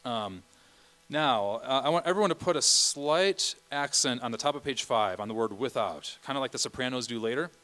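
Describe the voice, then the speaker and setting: A man's voice: medium pitch, expressive, normal speed, pushed and bright, low-quality recording. A man directing a choir rehearsal, counting beats and singing bits of phrases as he coaches the singers. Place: church rehearsal room.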